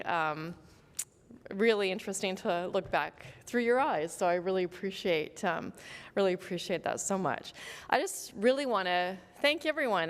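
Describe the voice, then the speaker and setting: A woman's voice: medium pitch, clean tone. A woman in her fifties giving an emotional, grateful farewell speech as outgoing union president, with many fillers. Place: large convention hall. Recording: long hall reverb.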